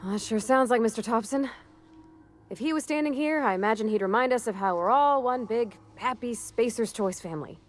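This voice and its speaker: An actress voicing a shy, earnest young woman engineer in a video game, speaking softly and hesitantly. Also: a little high, fairly quick, faint music behind, lightly acted. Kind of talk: game voice acting.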